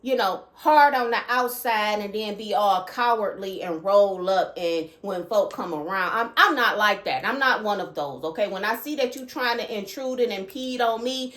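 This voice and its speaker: A woman's voice: medium pitch, normal speed, few pauses, fairly bright tone, roomy sound. A woman hosting her own channel, delivering an emphatic spiritual message, repeating phrases and checking in with "okay?". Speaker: channel host.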